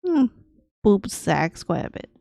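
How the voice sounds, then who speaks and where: A woman artist thinking aloud as she draws on a livestream, talking in a deliberately aged, grandma-like voice in short, broken phrases. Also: medium pitch, very animated, vocal fry, dark tone, no echo, clean studio sound. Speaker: artist streaming her drawing process. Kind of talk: casual livestream commentary while drawing.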